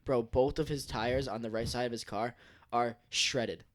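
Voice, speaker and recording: A man's voice: mid-range voice, fairly even intonation, normal speed. A man on a podcast telling a rambling work story in casual chat, swearing often and repeating slang fillers. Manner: rambling, swears a lot, peppers talk with "dude". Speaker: podcast co-host.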